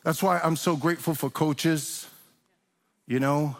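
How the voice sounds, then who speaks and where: A man preaching to a large congregation, his slightly high voice pushing hard on each point and climbing into urgent questions. The sound carries a long reverb from the big church hall around him. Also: fairly even intonation, unhurried. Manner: impassioned preaching with rising emphatic questions. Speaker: pastor. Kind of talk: sermon.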